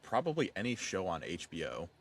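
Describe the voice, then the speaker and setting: A man co-hosting a podcast, chatting casually with animated, expressive swings in his delivery. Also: low-pitched, a little fast. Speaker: podcast co-host. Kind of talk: casual chat.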